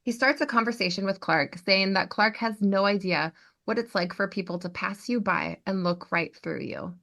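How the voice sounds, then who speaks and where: A woman hosting a podcast, recapping a TV episode as an animated storyteller. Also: medium pitch, normal speed, creaky. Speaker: podcast host.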